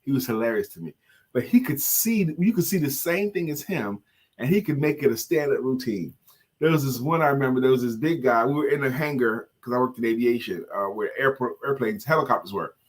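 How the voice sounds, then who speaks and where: A middle-aged man from the United States co-hosting a live online talk show in a lively, playful casual chat. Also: medium pitch, fairly quick.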